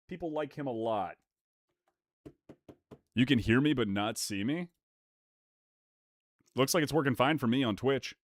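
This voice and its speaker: Excitable streamer man with lively pitch. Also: no room sound, studio quality. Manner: excitable, swings from mumbling asides to loud hype yells. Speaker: streamer opening trading card packs. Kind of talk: casual livestream chat.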